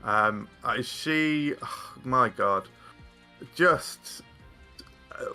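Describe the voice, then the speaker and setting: A man's voice: medium pitch, drawn-out words, pushed and bright, clear, resonant tone, soft background music. A man chatting casually as a guest, rambling with frequent fillers and restarts. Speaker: guest card game content creator. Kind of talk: casual chat.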